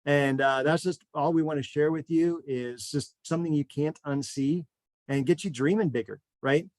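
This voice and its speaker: A man's voice: a little high, moderate pace, no room sound. Fired-up man hosting a webinar. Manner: energetic, repetitive motivational talk. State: out of breath. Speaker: real estate coach and webinar host. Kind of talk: enthusiastic webinar pitch.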